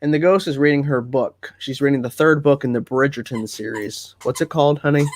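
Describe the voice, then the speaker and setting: A man's voice: mid-range voice, brisk, dry recording. A man hosting a casual livestream from home, chatting easily and reading viewer comments aloud before answering them. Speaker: livestream host.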